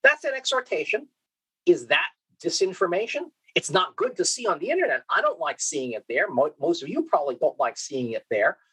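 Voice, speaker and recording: Lively questioning male lecturer, husky. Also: fairly high pitch, brisk, low-quality recording. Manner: lively, questioning, frequent "okay?" and restarts. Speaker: keynote speaker. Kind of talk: conference lecture.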